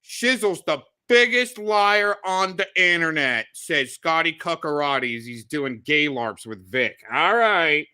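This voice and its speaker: A man chatting on a livestream in a mocking, sarcastic way. His voice is bright and edgy and sits fairly high. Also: expressive, measured pace, hardly any pauses, smooth. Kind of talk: casual livestream chat.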